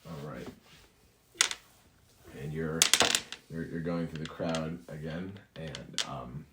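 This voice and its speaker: A man running a tabletop game as game master, halting and repeating himself. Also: a bass voice. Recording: roomy echo, faint noise.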